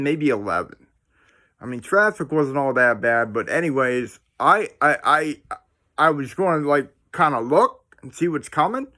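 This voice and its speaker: A man of middle pitch tells a story straight to his viewers, casual and excitable. He rambles, restarts his sentences and throws in plenty of slang as he goes. He is talking at home. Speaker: paranormal storyteller, channel host. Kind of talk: casual first-person storytelling to camera. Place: indoors at home.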